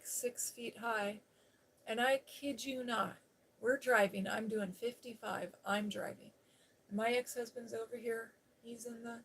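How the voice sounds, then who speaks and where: Chatty middle-aged woman telling a story. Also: mid-range voice. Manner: chatty, animated anecdote telling. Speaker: live-stream host. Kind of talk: casual personal storytelling.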